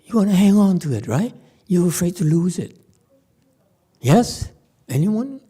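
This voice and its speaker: A Buddhist master gives a relaxed lecture in a temple hall, slow and deliberate but with a voice that swings widely up and down. He sits a little high for a man, often breaks off to prod his listeners with "hmm?" or "okay?", and stumbles through restarts before landing his point. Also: breathy edge. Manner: halting restarts, playful asides. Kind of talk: conversational Dharma lecture.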